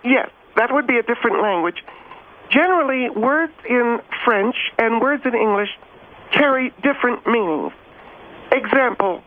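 A woman guest expert explaining pronunciation in a deadpan, pedantic manner. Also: fairly high pitch, moderate pace, slight background noise. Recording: tinny phone line.

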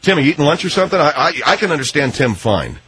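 Man, radio host, lively pitch, mediating, exasperated. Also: fast, slight background noise. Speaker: radio talk show host. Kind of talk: radio call-in show.

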